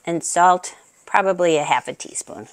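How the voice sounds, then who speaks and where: A woman's voice: on the low side, normal speed, slight background noise. A woman hosting a cooking video from her kitchen, chatting straight to viewers and murmuring with pleasure as she tastes. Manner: savoring, with appreciative murmurs. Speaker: cooking channel host. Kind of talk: casual cooking demonstration.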